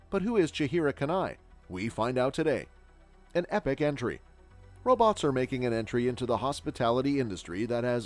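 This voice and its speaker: Man narrating tech news in a steady read. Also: mid-range voice.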